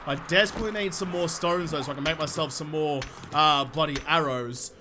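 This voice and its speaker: A man doing let's play commentary, excitable and sweary, talking to the enemies he fights, his voice a little off from being sick. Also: on the high side, fairly quick, background noise. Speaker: gaming YouTuber.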